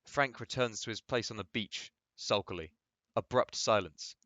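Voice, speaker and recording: A man's voice: on the low side, animated, fairly quick, sharp tone, no echo. A man reading a play aloud, delivering the stage directions plainly and steadily. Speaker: reader.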